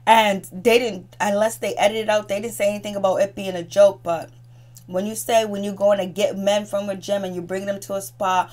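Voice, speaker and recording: A woman's voice: medium pitch, little pitch movement, normal speed, a little mellow. Chatty woman recapping a TV episode. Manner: chatty and gossipy, with frequent restarts. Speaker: TV recap host. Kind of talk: casual gossipy TV episode recap.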